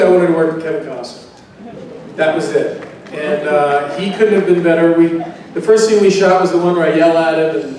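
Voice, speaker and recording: Convention panel guest, man in his 40s, fairly high voice, rambling relaxed stories, boomy hall heard from the back. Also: a little hiss or hum. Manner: relaxed, rambling anecdotes with restarts and acted quotes. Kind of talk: casual storytelling to a fan audience. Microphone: handheld mic recorded from far in the audience. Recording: echoey hall from far off.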